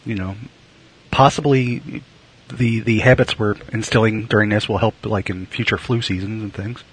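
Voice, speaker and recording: Man, husky voice, casual rambling chat, wry asides. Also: lowish voice, fairly even intonation, normal speed, rough recording. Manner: rambling, filler-heavy, wry jokes.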